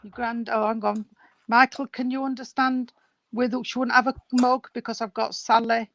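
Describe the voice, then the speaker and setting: A woman's voice: a little high, level tone, moderate pace, vocal fry, a bit bright, no echo, lo-fi sound. A woman working as a spiritualist medium, chatty and rambling, calling people sweetheart and darling as she gives a reading over a video call. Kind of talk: live mediumship reading at an online service.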